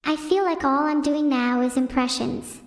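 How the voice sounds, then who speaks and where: A synthetic female voice doing deadpan stand-up comedy on a stream, chatting with viewers. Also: high-pitched, moderate pace. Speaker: AI streamer host. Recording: roomy reverberant sound.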